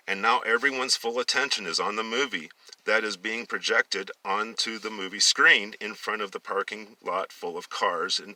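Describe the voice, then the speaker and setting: A man's voice: lowish voice, bright, forceful tone, dry recording, distant mic, low-quality recording. A man reading a novel aloud, often stumbling, restarting and correcting himself. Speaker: story reader.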